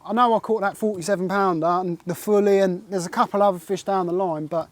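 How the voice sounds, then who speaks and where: A man, telling an excitable and rambling fishing story in a casual interview, full of "like" and "mate". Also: sits high, fast, no echo. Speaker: carp angler recounting a catch.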